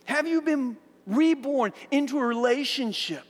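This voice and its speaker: A man preaching a sermon as a pastor, telling a Bible story with lively asides and often repeating words as he restarts sentences. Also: very high-pitched, unhurried. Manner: animated storytelling, acting out voices of biblical figures. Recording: hall with long reverb.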